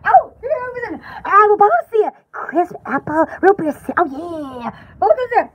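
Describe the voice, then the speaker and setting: A squealing, excitable poodle. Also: female voice, very high voice, moderate pace, muffled recording. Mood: excited. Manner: squealing, rambling, easily excited. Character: chattering pampered female poodle, excitable shopping-show host. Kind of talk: comic pet voice-over, home-shopping parody.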